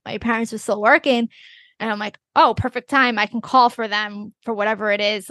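A young woman co-hosts a podcast, her voice on the high side and creaky, in clean studio sound with no room sound. She tells stories animatedly in casual chat and laughs often.

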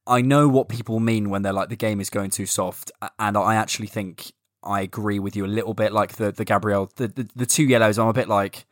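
A man co-hosting a casual football podcast, with a slightly low voice. He speaks in a wry, teasing, measured way. The recording is dry and close. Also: steady tone, no room sound. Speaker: podcast co-host.

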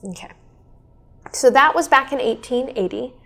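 A woman in her thirties hosting a casual chat, explaining history in a lively, chatty way. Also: sits high, moderate pace, vocal fry. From Kansas City area. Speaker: weather show host.

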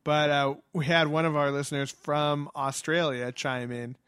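A man's voice: on the high side, level tone, normal speed, a bit bright, smooth, no echo, studio quality. A man co-hosting a podcast from home, chatting casually, laughing often and swearing freely. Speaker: podcast co-host. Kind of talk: casual chat. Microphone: headphones and studio mic.

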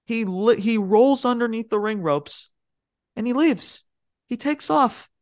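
A man co-hosting a podcast in casual chat, excitably retelling events in a rambling way, swearing often and calling listeners "bro" and "man". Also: extremely high pitch, a little slow, no echo, studio quality. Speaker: podcast co-host.

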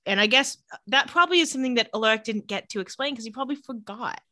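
A woman with a bright, animated voice co-hosts a casual chat podcast. She is giggly and playful, often acting out the characters' lines. The sound is close and dry. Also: on the high side, quick pace, no room sound. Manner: lively, giggly, acts out quoted lines. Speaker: podcast co-host recapping a TV episode.

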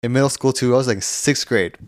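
A man's voice: mid-range voice, a little fast, no room sound. Profane storytelling podcast guy, dry mic. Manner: profane, animated storytelling with acted-out quotes. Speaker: podcast co-host. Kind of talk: casual storytelling chat.

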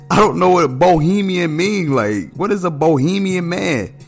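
A man rants through his solo show in a loose, profane way, tossing "man" onto nearly every line. His pitch jumps around a lot, spiking when he is outraged or amused. Faint music plays under his voice. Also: expressive, moderate pace, vocal fry. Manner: blunt, profane, ranting with heavy filler "man". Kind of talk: casual solo commentary.

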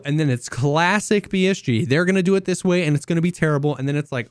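A man co-hosting a podcast, rambling and animated, full of restarts and mocking impressions. His voice sits a little high, and the sound is dry and close. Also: fast, hardly any pauses, clean tone, no echo. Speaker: podcast co-host and streamer. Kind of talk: casual podcast chat.

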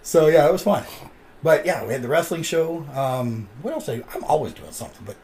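Animated, lively-voiced man telling stories. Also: fairly high pitch, fairly quick. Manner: animated storyteller. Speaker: podcast host. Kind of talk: casual chat.

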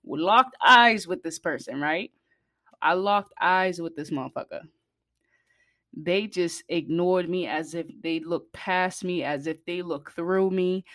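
A woman telling a personal story to her viewers in a casual way, blunt and profane, getting louder and higher when she gets heated. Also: unhurried, no echo, clean studio sound. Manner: blunt, profane and animated, rising in pitch and volume when heated. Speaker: vlogger.

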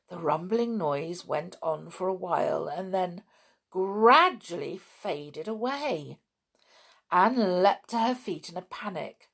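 A woman reading a children's storybook aloud with expressive, dramatic narration. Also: medium pitch, breathy edge.

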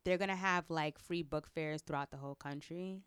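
A woman co-hosting a podcast in casual chat, chatty and quick to laugh. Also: low-pitched, fairly bright tone, smooth, dry recording. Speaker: podcast co-host.

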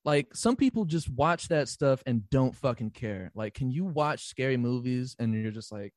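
A man's voice: medium pitch, normal speed, no room sound, studio quality. A man in casual podcast chat, telling a story with lots of swearing and acting out his own panicked reactions. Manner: profane, excitable, acts out his own reactions.

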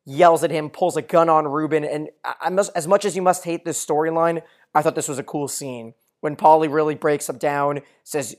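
A man's voice: a little high, steady tone, normal speed. Male recap podcaster, casual chat, thorough plot summaries, hesitant fillers. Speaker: podcast co-host.

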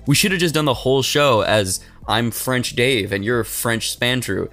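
A man's voice: mid-range voice, moderate pace, a bit bright, soft background music. A man hosting a podcast who reads history notes and breaks into jokey banter. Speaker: podcast host. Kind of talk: casual podcast storytelling.

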